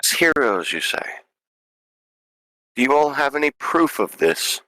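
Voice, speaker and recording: A man voicing the stern ghost of a woman school dean, speaking with grave, measured threats. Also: mid-range voice, sing-song, sharp tone, no echo, pitched above the performer's own voice, rough recording. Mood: questioning.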